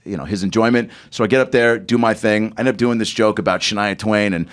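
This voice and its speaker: A man's voice: lowish voice, fast. A man, a comedian guest on a podcast, telling a rambling story full of fillers and side remarks. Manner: animated, rambling, lots of fillers.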